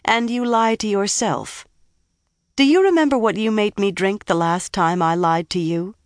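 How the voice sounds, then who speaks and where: A woman's voice: mid-range voice, moderate pace, no room sound, clean studio sound, pitched above the performer's own voice, natural voice. A woman doing a cool, condescending young woman. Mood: stern. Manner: cool and amused. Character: calm self-assured young woman, condescending.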